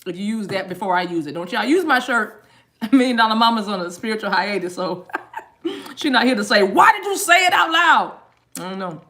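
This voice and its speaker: Her pitch sits in the middle and her tone is fairly bright as she talks fairly quickly on her tarot live stream. Chewing on a mint, she chats with viewers in casual slang, cracking jokes and laughing often.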